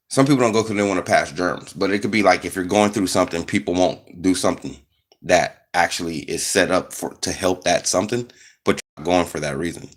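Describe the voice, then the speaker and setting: A man hosting his own channel, talking in a relaxed, rambling way with fillers and restarts. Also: deep voice, a little fast. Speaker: channel host. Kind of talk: casual vlog talk.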